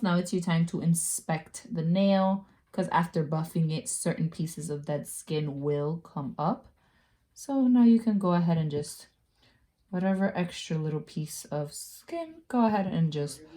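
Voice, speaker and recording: Woman, low mellow voice, casual chatty how-to vlogger who pokes fun at herself. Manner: chatty and self-mocking, laughs at herself. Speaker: beauty vlogger. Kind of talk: casual nail-care tutorial.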